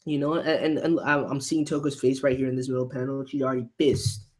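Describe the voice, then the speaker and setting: A man's voice: mid-range voice, level tone, fast. A man reacting live to a manga chapter, ranting heatedly, swearing and stammering over repeated words. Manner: reads panel lines aloud softly.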